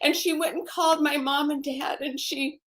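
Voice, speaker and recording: A woman giving a halting, emotional personal testimony as a guest, often repeating her phrases and turning to scripture. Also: high voice, steady tone, a bit bright. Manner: religious, recites scripture.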